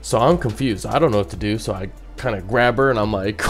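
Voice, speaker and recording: A man's voice: on the low side, fast, faint music behind. A young man, a bartender, casually telling a story and rambling with frequent "you know what I mean" asides.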